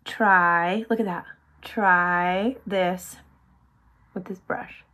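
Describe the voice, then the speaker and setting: A woman hosting a casual makeup tutorial, bubbly and chatty, full of "like", often dropping to a soft whisper. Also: lowish voice, fairly even intonation, drawn-out words. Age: adult with sons. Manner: bubbly, chatty, heavy use of "like".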